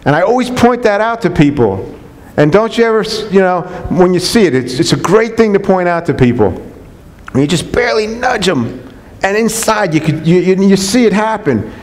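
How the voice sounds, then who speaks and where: A man's voice: sits high, expressive, moderate pace. A man, a chiropractor, giving an unscripted and enthusiastic talk to colleagues, repeating his points with earnest conviction. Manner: earnest, repetitive, enthusiastic preaching tone with restarts. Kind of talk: unscripted talk to a live audience. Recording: long hall reverb.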